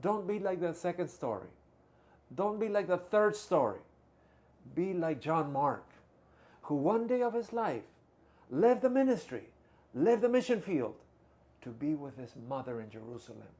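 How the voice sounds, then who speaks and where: A man's voice: a little high, sing-song, a little slow, pauses often. Dramatic storytelling male pastor. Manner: dramatic swings from hushed to loud. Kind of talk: sermon storytelling.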